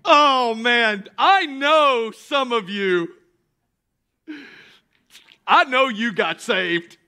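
A man pastor preaching a sermon with emphatic bursts of shouting, calling on the congregation to answer back. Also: extremely high pitch, animated, extremely slow, smooth. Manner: calls on the congregation to respond.

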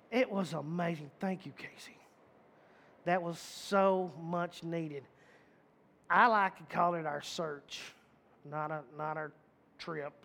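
High-voiced man preaching a folksy sermon. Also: creaky, a bit bright. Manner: folksy and emphatic, with repeated phrases and restarts. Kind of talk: conversational sermon.

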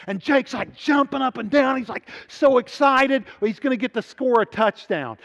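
Male preacher, high voice, animated storyteller, dull audio with long hall reverb. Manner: animated, builds to excited peaks and drops to quiet appeals. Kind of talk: sermon storytelling.

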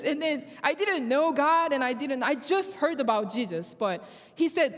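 The speaker is a young woman, natively Korean and with a Korean accent, giving a sermon testimony. She tells it animatedly, acting out conversations in halting phrases, in a high-pitched voice that echoes with long hall reverb.

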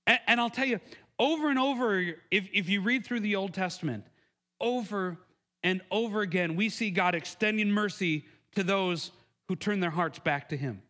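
A man's voice: moderate pace, bright, forceful tone. A man preaching a sermon in an earnest, conversational way, often restarting his words and raising his voice to act out the quotes. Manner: acts out quotes with raised pitch and emphasis. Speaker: pastor.

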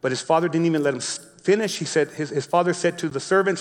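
A man preaching a sermon, reading a Bible story slowly and explaining it in his own words with frequent restarts. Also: on the high side, big-room sound. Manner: reads scripture slowly, then explains with repeated restarts. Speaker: pastor.

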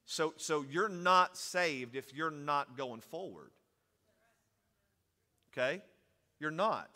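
A man preaches a sermon in a high, bright voice. He swings from calm teaching to loud, emphatic preaching. A long reverb from the hall trails his words. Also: slow, pauses often.

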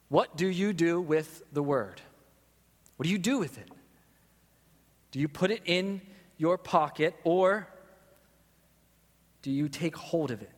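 Male pastor, emphatic sermon delivery, reverberant sanctuary sound. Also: on the high side. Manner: earnest, emphatic preaching with slowed stresses and repeated questions.

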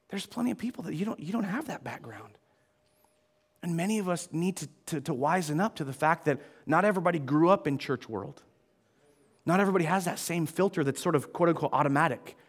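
A man in his forties with a high-pitched voice preaches a casual, conversational sermon in a church. He jokes at his own expense and keeps turning to the congregation with questions and asides. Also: husky. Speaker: pastor. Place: church auditorium.

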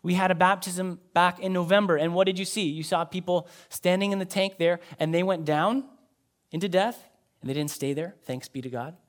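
A man, a pastor, preaching a sermon in a conversational way, with emphatic rises and quiet drops. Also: sits high, normal speed.

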